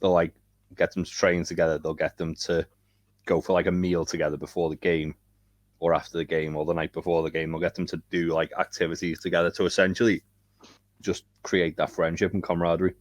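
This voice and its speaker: A man's voice: sits low, level tone, a little fast, no room sound. A man co-hosting a podcast, explaining things casually with many fillers. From England. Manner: explanatory, lots of "like". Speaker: podcast co-host. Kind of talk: casual chat.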